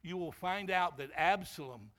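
Man preaching a sermon, slightly high voice. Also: moderate pace. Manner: preaching, drops to a quiet storytelling tone for anecdotes. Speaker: pastor.

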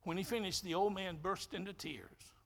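A man preaching a sermon, telling a story with dramatic, emphatic delivery that swings between loud and soft. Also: high-pitched, moderate pace, vocal fry. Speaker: pastor.

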